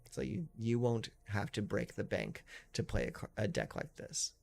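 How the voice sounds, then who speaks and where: Gravelly, easygoing man streaming from home. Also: sing-song, moderate pace, darkish tone, a little hiss or hum. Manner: rambling, filler-heavy, easygoing; high baby-talk when calling his dogs. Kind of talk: casual live-stream chat. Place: home in California.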